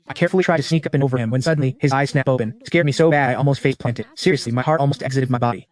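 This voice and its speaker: A man's voice: mid-range voice, very fast, few pauses. A man narrating a comic story recap in the first person, in a slangy, wry and teasing way.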